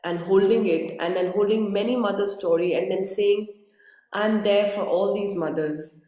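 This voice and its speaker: Hosting a live-streamed interview, an Indian woman opens with a groggy but earnest, effusive manner, often repeating herself. She speaks at medium pitch and moderate pace with a warm tone, and the room is very echoey.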